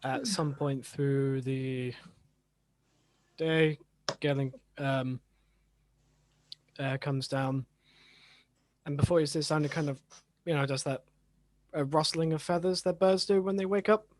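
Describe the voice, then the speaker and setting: A man's voice: on the high side, steady tone, slow pace, pauses often, dry recording. A man player narrating his character in a tabletop game, hesitant with many fillers. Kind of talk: tabletop role-play narration.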